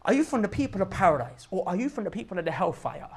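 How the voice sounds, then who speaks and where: An Islamic preacher gives a casual religious reminder talk in everyday slang, pressing listeners with emphatic rhetorical questions. His husky voice sits high, swings widely in pitch and moves fast.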